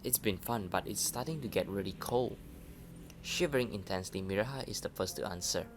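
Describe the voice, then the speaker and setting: A man's voice: fairly low pitch, brisk, noisy background. A man casually reading a dating game aloud, stumbling over words now and then. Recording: voice over loud game music. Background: game music.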